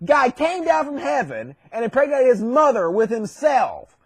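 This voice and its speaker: A man's voice: very high voice, sing-song, moderate pace, slightly rough, no room sound, exaggerated voice. A man voicing a jealous, whiny young man who talks back with sarcasm. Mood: whiny outrage.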